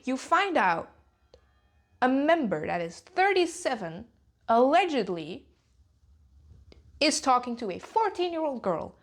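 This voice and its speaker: A woman vlogger giving heated, sweary commentary, with sharp jumps in pitch and nervous laughs between points. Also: big pitch swings, slow, long pauses. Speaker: YouTube commentator. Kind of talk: heated ranting vlog commentary.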